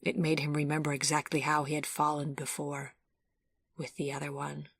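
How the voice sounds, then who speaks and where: A woman narrating an audiobook in a calm, even storytelling manner. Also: deep voice, moderate pace, vocal fry, husky, dry recording, studio quality. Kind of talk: scripted narration.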